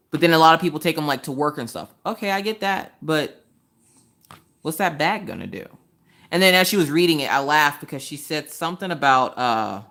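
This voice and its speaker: Lady streamer chatting to her viewers about crafts, bright sharp voice, ranty, lots of "what does that even mean". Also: deep voice. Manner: chatty, exasperated rants, rhetorical questions. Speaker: craft livestream host. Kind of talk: casual chat with live viewers. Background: chewing ice between sentences.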